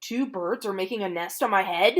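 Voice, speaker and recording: A woman's voice: medium pitch, a little fast, a bit bright, natural voice. A woman reading aloud, voicing a worried male elephant who exclaims in panicky questions. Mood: fretful.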